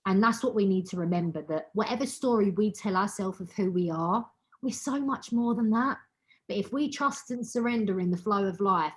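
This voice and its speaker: A woman's voice: medium pitch, a little fast. A woman hosting an online wellbeing meeting, giving a heartfelt, emotional motivational talk over a video call and repeating words for emphasis.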